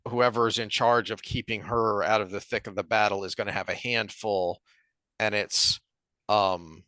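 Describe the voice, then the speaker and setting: A man with a bright, forward voice talks through a book passage, stopping and restarting as he hunts for lines and reads them aloud. His pitch sits a little low, and the sound is dry and close. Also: clear, resonant tone, no echo. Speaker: podcast co-host. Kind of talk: casual book discussion.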